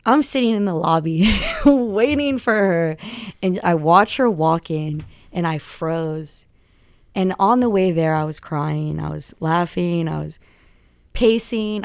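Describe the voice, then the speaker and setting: A young adult woman rapper talking as a radio guest, recounting stories in an excitable, tumbling way. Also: on the low side, no room sound, clean studio sound. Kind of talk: animated storytelling interview. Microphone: studio radio mic.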